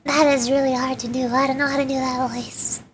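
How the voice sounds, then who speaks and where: A woman's voice: high-pitched, flat delivery, brisk, slight background noise. A woman streamer chatting casually and giggling while playing a game. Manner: bubbly, giggly, rambling. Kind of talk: casual gaming chat.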